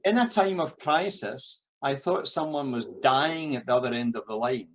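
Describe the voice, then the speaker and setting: A Scottish-accented man gives an anecdotal lecture full of personal stories, often repeating a word while searching for his next phrase. He tells them as a storyteller, acting out the voices of those he quotes, in a medium-pitched, slightly bright voice at normal speed, heard through a rough recording.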